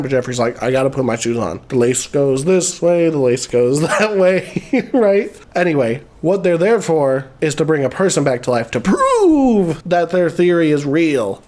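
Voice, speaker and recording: A man's voice: on the high side, a little mellow. Swearing man recapping a movie. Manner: profane, laughing, rambling retelling. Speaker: movie reviewer. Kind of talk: casual film recap.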